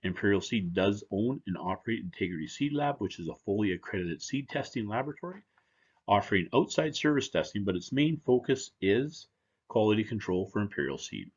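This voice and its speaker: A man giving a casual, joking conference presentation with a low, husky voice. The sound is dull and lo-fi. He speaks like a company representative addressing an audience of growers. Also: very animated, fairly quick, darkish tone. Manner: conversational, joking.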